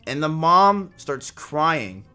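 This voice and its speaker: A man's voice: on the high side, big pitch swings, slow pace, bright, forceful tone, smooth, faint music behind. A man in his twenties casually telling a rambling story to his stream chat, swearing often. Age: 20s.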